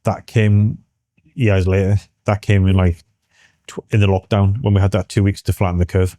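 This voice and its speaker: Earnest British man, dark low voice. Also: little pitch movement, no echo, clean studio sound. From United Kingdom. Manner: halting, many restarts, earnest. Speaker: interview guest. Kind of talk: candid personal interview.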